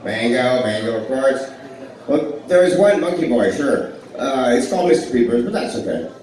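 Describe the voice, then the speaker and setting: A man telling stand-up stories to a live crowd, rambling and self-deprecating, trailing into fillers and restarts. His voice sits at an average pitch and comes from a distance. The small club's sound bounces all around him, with a faint room hum underneath. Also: animated, normal speed, a little mellow. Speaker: stand-up comedian. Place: small club with live audience. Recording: echoey, distant live club recording.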